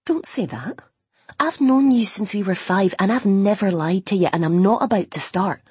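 A woman's voice: medium pitch, moderate pace, darkish tone, husky, no room sound, voice pushed up. A woman voicing Jenny, a blunt, exasperated young best friend, in an audiobook. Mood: exasperated, worried. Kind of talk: audiobook character voice.

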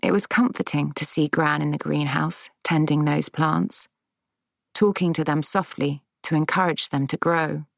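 Low-voiced woman narrating calmly. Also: creaky, no room sound. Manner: measured, gentle, reflective. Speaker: audiobook narrator. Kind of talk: first-person audiobook narration.

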